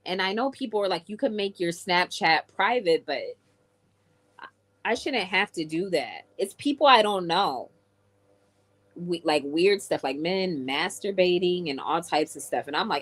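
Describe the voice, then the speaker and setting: Low-voiced woman chatting on a livestream. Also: animated, unhurried. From England. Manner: chatty, answers viewer comments. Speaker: live streamer. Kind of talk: casual livestream chat.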